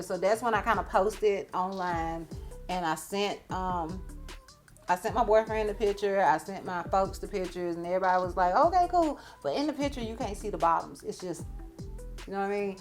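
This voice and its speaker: A woman, a beauty vlogger telling a storytime, chatty, laughing often and acting out what others said. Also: mid-range voice. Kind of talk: storytime vlog.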